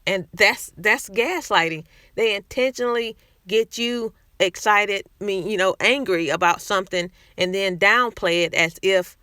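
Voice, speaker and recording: A woman's voice: medium pitch, measured pace, few pauses, sharp tone, no echo, studio quality. A woman talking candidly to camera in a casual vlog, speaking conversationally and restarting her sentences often. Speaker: vlogger sharing personal experience.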